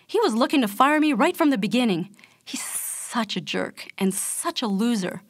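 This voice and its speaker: A woman voicing an angry man who was just fired, ranting in indignant disbelief with her voice climbing high. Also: animated, moderate pace, dry recording. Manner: exasperated ranting, rising high.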